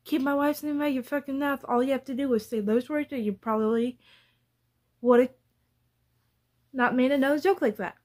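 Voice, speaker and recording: A woman YouTuber ranting bluntly and profanely in a casual vlog. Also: fairly high pitch.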